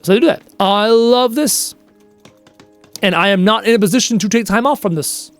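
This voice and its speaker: Man, high voice, casual game streamer, playful chat, soft music underneath. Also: normal speed, clean tone. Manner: chatty, reads chat aloud, playful.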